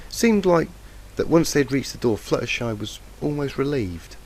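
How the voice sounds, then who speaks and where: A man's voice: mid-range voice, expressive, moderate pace, a little mellow. A man with a cold reading a fanfic aloud in a plain, lightly emotive way on a faulty home mic. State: has a cold, croaky. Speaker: fanfiction reader. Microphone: cheap faulty home mic. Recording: noisy lo-fi mic.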